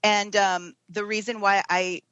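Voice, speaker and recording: A woman's voice: medium pitch, little pitch movement, a little slow, a bit bright, smooth, no room sound, highs cut off. A woman in her thirties, a guest on a podcast, speaking candidly and at length with laughs between thoughts. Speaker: guest, TV producer and mother. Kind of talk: casual interview chat.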